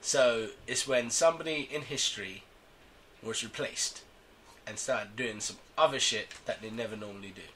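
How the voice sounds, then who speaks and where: A man co-hosting a podcast, bantering casually, defensive and quick to laugh. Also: mid-range voice, bright, forceful tone, slight background noise, poor audio. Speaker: podcast co-host.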